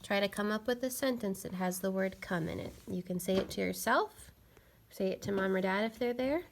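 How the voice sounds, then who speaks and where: A woman's voice: medium pitch, brisk, creaky, background noise. A woman teaching a phonics lesson to young children, patiently sounding out letters and words.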